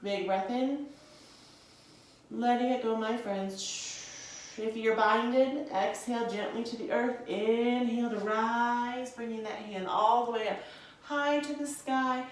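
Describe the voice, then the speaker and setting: A young woman with a fairly high voice leads a yoga practice in a soothing, encouraging tone. She is heard from a distance in a strongly echoing room, with faint noise underneath. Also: fairly even intonation, slow. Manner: soothing, encouraging, calls listeners friends. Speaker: yoga teacher. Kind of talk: guided yoga instruction.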